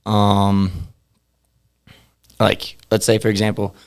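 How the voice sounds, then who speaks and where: Gravelly low-voiced young man. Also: little pitch movement, slow. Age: young adult. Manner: laid-back, rambling, laughs often. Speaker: podcast guest. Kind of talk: casual interview chat.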